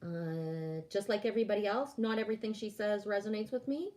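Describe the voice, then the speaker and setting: A woman's voice: medium pitch, brisk, darkish tone. Chatty woman livestream host, French-first speaker. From Quebec, Canada. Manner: chatty and rambling, frequent laughter and restarts. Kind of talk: casual livestream chat, reading out viewer comments.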